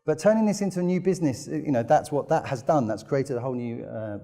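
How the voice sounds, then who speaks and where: British guy giving a business talk, mellow tone, keen storyteller. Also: mid-range voice, fast talker, vocal fry. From United Kingdom. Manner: enthusiastic storytelling with frequent fillers. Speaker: conference speaker. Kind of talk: business presentation.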